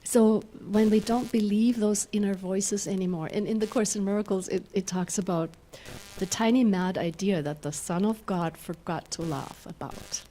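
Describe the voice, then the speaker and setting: A woman minister gives a gentle spiritual talk in a middle-range voice, laughing often as she leads her listeners through slow breaths. A faint hum of room noise sits behind her. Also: mid-range voice, fairly even intonation. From German-speaking Europe. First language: German. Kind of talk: spiritual talk with guided exercises.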